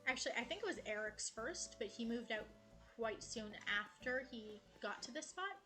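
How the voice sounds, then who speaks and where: A young woman gives a relaxed tour of her cozy game island, cooing affectionately at the characters. Her voice is bright and a little high, and soft game music plays underneath. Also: normal speed. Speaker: gaming streamer. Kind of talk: casual game tour vlog. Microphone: headset.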